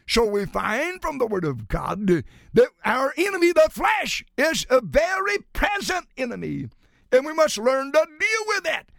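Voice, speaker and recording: A man preaching a sermon, emphatic, swinging from shouted lines to low, quiet drops. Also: big pitch swings, unhurried, creaky, dry recording, studio quality.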